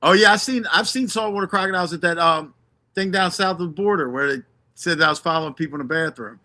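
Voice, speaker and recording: A man's voice: on the high side, fast, pushed and bright. A man hosting a live stream, ranting casually, swearing constantly and reading out names from the chat.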